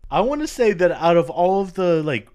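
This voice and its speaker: A man's voice: high voice, sing-song, moderate pace, a little mellow. A man hosting a podcast, chatting casually and joking with plenty of swearing. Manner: laid-back, jokey and profane. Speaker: podcast host. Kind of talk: casual chat.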